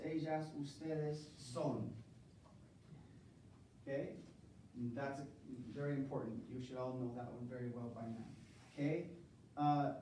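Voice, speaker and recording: A man's voice: fairly high pitch, dark tone, a little hiss or hum. A man teaching a university Spanish class, drilling verb conjugations with his students in a call-and-response lecture. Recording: echoey classroom from far off.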